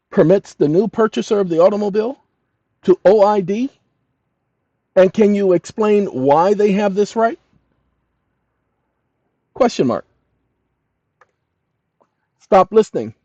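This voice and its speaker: A man hosting his channel, lecturing viewers emphatically and addressing them as "ladies and gentlemen", sometimes dictating text slowly and deliberately. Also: sits high, no room sound, highs cut off. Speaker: channel host.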